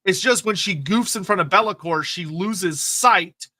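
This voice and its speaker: A man co-hosting a live lore stream, chatty and quick with asides. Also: sits high, bright, forceful tone.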